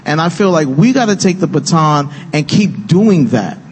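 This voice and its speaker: A man's voice: fairly high pitch, expressive, moderate pace, darkish tone, husky. A man speaking passionately and earnestly on a film panel, getting emotional as he talks. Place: event hall with live audience. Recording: long-reverb hall with faint noise.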